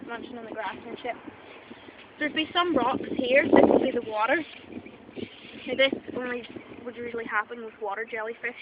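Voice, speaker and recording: A woman's voice: a little high, fairly quick. A Northern Irish woman playing a mock expert, rambling playfully and tagging "right?" onto her points. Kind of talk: improvised mock documentary. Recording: dull lo-fi camera audio with loud background noise.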